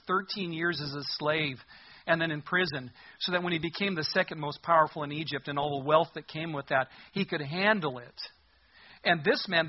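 A man delivers a sermon in an earnest, emphatic manner, repeating words when he presses a point. His voice sits a little higher than most men's and has a husky edge. The recording sounds dull and lo-fi. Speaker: preacher.

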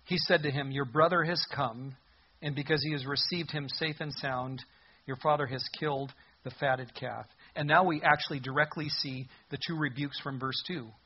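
A man preaching a sermon as a pastor, animated, acting out the voices from the passage as he goes. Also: medium pitch, normal speed, breathy edge, dull audio.

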